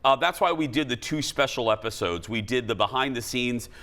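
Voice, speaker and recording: Bright-voiced joking male talk show host. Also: mid-range voice, a little fast. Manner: chatty, joking, rambling with fillers. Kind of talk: casual studio chat. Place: TV studio with audience.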